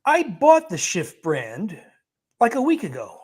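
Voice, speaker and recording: A male physician, on as a guest, answers viewer questions in a live Q&A with a voice that sits high, swoops wildly in pitch, and has a breathy edge. He's brisk and emphatic, chuckles often, and bluntly dismisses bad advice.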